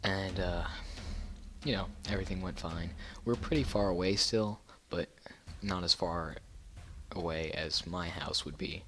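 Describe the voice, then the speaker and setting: A man telling a story casually on his channel, with a low voice. He rambles, restarting sentences and filling gaps with fillers. His tone is bright and forceful. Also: a little slow, slight background noise. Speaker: YouTuber.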